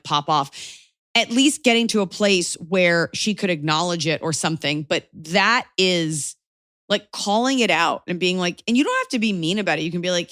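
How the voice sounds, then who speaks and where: A woman's voice: on the low side, fairly bright tone, no room sound, studio quality. A woman in her thirties hosting an advice podcast, talking bluntly and acting out quoted voices. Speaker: podcast host giving advice. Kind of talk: casual advice chat.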